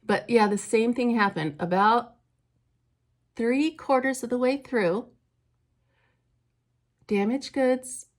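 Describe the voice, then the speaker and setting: A woman's voice: fairly high pitch, takes it slowly, pauses often. A woman talks casually and enthusiastically about her work. She rambles a little and uses plenty of fillers, in the loose, friendly tone of a get-ready-with-me vlog. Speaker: author and vlogger.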